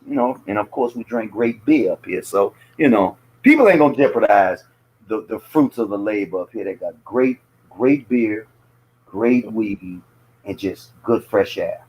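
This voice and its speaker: A man's voice: lowish voice, lively intonation, a little slow, dull audio. A man with a Southern US accent telling stories in a loose, profane podcast chat. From American South.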